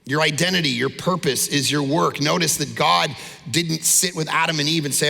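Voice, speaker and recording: A middle-aged man preaching a sermon from a church stage. He is emphatic and blunt, swinging between loud exhortation and low, intense asides. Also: moderate pace, gravelly, faint music behind. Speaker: pastor. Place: large church auditorium. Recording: long church-hall reverb.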